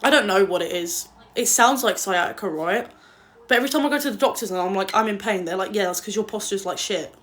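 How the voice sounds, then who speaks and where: A woman's voice: mid-range voice, fast, a bit bright. A young woman chatting casually on a livestream, blunt and swearing freely as she answers viewer comments. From England.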